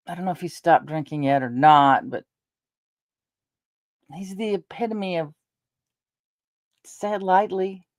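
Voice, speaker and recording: A woman's voice: sits low, no room sound. Chatty middle-aged woman telling rambling stories. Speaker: vlogger. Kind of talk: casual storytelling to viewers.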